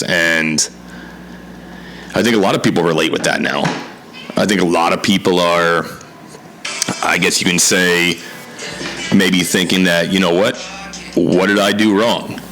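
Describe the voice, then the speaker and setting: A man's voice: sits low, steady tone, unhurried, pauses often, a bit bright, slight background noise, poor audio. A man in his thirties from Connecticut, hosting his own podcast and talking candidly and earnestly about his life, swearing now and then. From Connecticut, USA. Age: 30s. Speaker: podcast host. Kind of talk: casual solo podcast monologue.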